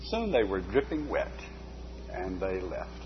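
Piping stubborn little old churchwoman, a guy putting her on, slow and firm, dull lo-fi sound with a faint hum. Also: low-pitched, very animated, exaggerated voice. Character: small sturdy older woman custodian, stubborn, slow-speaking, piping.

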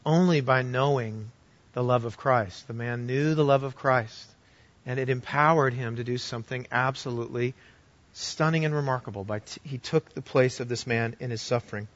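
A man preaching a sermon as pastor, telling a story earnestly and swinging from loud to hushed. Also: medium pitch, normal speed, lo-fi sound.

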